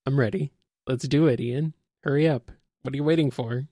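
A man's voice: mid-range voice, steady tone, moderate pace, dark tone, no echo, studio quality. A man hosting a casual podcast, reading listener questions and laughing often. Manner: giggly, reads questions aloud, laughs often. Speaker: podcast host.

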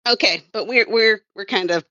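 A woman's voice: mid-range voice, moderate pace, bright, forceful tone, no echo, muffled recording. A woman who worked as a comics writer and colorist, chatting casually on a podcast and rambling with wry self-corrections.

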